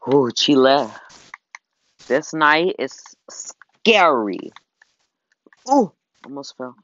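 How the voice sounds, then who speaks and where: Excitable, teasing, gasping, casual gameplay chat, slow pace, dull lo-fi sound. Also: mid-range voice. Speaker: gamer playing with a friend. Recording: dull lo-fi recording.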